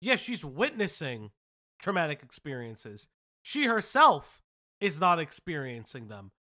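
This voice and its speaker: A man's voice: a little high, huge pitch swings, measured pace, sharp tone. A man hosting a casual online commentary show, blunt and sarcastic, swearing freely as he reacts.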